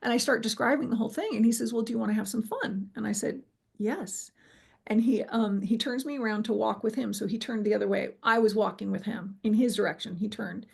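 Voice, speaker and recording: A middle-aged woman with a gravelly, somewhat high voice tells a personal story in an interview. She is animated, slips into quoting what people said, and fills pauses with ums and restarts. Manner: animated storyteller, acts out quoted dialogue, frequent fillers. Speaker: guest telling her near-death experience.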